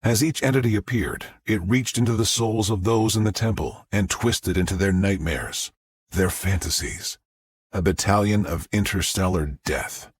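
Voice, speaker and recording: Brief: male narrator, low husky voice, expressive pitch, dry booth sound. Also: normal speed, no echo. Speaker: audiobook narrator. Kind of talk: scripted narration.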